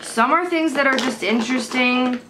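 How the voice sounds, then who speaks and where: A woman's voice: sits high, moderate pace. A young woman chatting to camera at home about makeup, rambling and blunt, swearing when annoyed. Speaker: beauty vlogger. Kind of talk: casual chat to camera. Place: at home, indoors. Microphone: handheld camera mic. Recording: noisy home camera recording.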